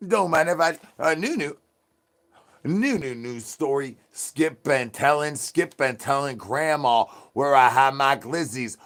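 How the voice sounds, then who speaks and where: A man live streaming in a goofy zombie persona, rambling with sing-song rhymes and yelling at his chat. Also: medium pitch, animated, unhurried. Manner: silly rhyming and sing-song wordplay.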